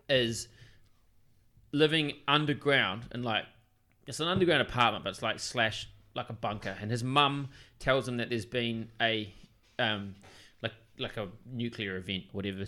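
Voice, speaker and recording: A man's voice: medium pitch, normal speed, bright, forceful tone. A man, co-hosting a podcast and telling a story in casual, swearing chat. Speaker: podcast co-host.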